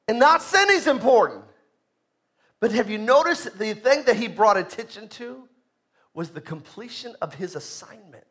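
High-voiced man preaching a sermon. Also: animated, normal speed. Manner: emphatic preaching, rising loud on key points. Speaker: pastor.

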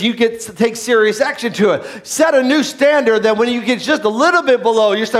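A man preaching a sermon, swinging from quiet low lines to loud shouted ones and having the congregation repeat phrases after him. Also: fairly quick. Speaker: pastor.

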